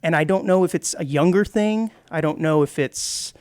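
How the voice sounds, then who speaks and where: Man, radio co-host, fairly high voice, dry close sound, rambling explainer. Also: normal speed, darkish tone, dry recording. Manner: explanatory, lecturing with many restarts. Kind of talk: casual radio chat. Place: radio studio.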